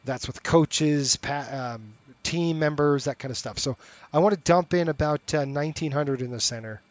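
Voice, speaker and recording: A middle-aged man with a slightly high voice chats casually to his viewers while streaming a flight sim. He talks straight to the audience in an easy, conversational way. The sound is close and dry, with no room echo. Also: normal speed. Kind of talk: casual live-stream chat and commentary.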